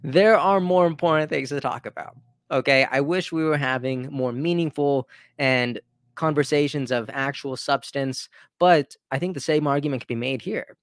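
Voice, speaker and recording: A man's voice: on the high side, moderate pace, dry recording. Dry-sounding male political commentator. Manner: opinionated, conversational, restarts sentences. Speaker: commentary channel host.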